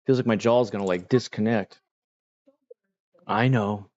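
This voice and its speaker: Male streamer, lowish voice, relaxed and slangy, dull mic. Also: a little slow. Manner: laid-back and slangy, filler-heavy. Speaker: livestream host answering chat. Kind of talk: casual livestream chat. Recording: dull lo-fi sound.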